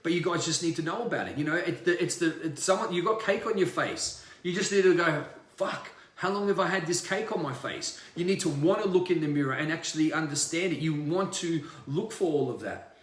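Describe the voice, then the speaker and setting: High-voiced man ranting, roomy echo. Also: a little fast. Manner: emphatic, profane, repetitive. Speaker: spiritual coach. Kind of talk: ranting livestream monologue.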